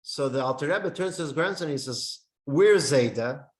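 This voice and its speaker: A man teaching a lesson on Jewish meditation, speaking in short emphatic phrases with pauses and reading from a handout. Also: on the high side, a bit bright. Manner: reads from a text handout. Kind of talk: classroom lesson with storytelling. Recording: roomy echo.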